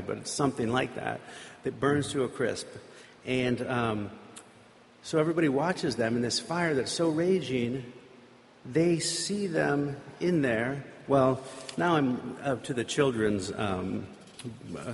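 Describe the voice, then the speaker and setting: A man giving an informal sermon, retelling a Bible story in a conversational, rambling way with asides. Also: mid-range voice. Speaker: preacher. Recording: reverberant hall.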